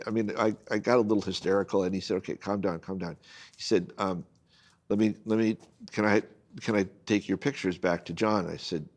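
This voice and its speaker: An older man with a deep, brisk voice, appearing as a guest photojournalist, spins a long personal anecdote in casual conversation. He tells it with animation and acts out the people he quotes.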